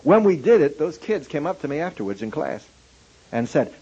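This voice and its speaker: A man preaching, telling a story animatedly and acting out the dialogue in a husky voice. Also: fairly high pitch, sing-song, brisk, a little mellow. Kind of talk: sermon storytelling. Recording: dull lo-fi recording.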